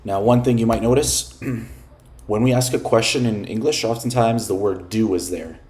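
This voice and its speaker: A man teaching beginner Spanish in English, patiently explaining words and grammar with the odd filler and throat clearing. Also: lowish voice, steady tone, moderate pace, a little mellow. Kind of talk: explaining a listening exercise.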